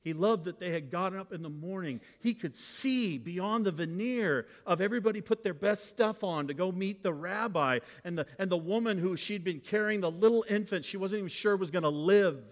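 A middle-aged male pastor preaching a sermon to his church, moving between hushed confiding and loud bursts. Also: high voice, normal speed, hardly any pauses. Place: church sanctuary. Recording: long hall reverb.

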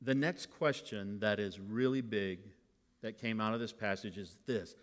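A middle-aged male pastor preaching a sermon to his church, moving between hushed confiding and loud bursts. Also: fairly low pitch, unhurried. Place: church sanctuary. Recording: long hall reverb.

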